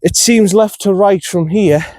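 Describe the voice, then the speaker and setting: This golf vlogger's voice sits high and has a darkish tone, and he's unhurried, with no echo. He's from North East England, narrating each shot outdoors and annoyed at how he's playing.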